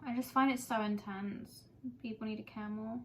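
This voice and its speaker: A woman's voice: on the high side, steady tone, moderate pace, loud music behind the voice, poor audio. A young woman vlogging casually about an album, gushing and chatty, with lots of "like" in her speech. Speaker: music vlogger. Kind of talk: casual chat reviewing an album.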